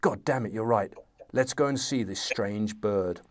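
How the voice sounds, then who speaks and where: A dry, commanding British general, read out by a man from a novel. The voice lifts higher and louder than the reader's usual tone, with a wry edge. It remains close to the reader's own voice. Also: unhurried, natural voice. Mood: dry amusement.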